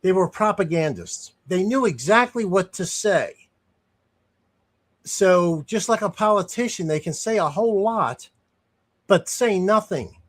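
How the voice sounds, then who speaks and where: A man talks through his views in a loose, unscripted way, his voice sitting a little high for a man. He sounds indignant and often doubles back mid-sentence or drifts into digressions. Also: animated, unhurried. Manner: indignant, rambling, with frequent restarts and digressions. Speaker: streamer giving commentary. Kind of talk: casual unscripted commentary.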